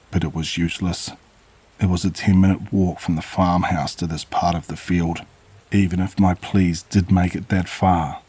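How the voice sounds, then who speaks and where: Man, very low voice, husky, horror story narration, measured and grave. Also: a little mellow.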